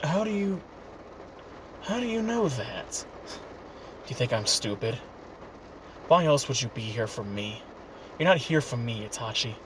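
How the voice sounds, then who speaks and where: A man's voice: medium pitch, very animated, a little slow, long pauses, noisy background, pitched below the performer's own voice. A man playing a stubborn teenage boy ninja who speaks bluntly and defiantly. There is little change from the performer's own voice. It has the feel of a casual fan retelling.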